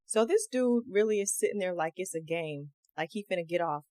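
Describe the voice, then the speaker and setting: A woman hosting a true crime podcast, telling the story in a casual, slangy, animated way and acting out the quotes. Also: on the low side, fairly quick, dry recording. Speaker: podcast host.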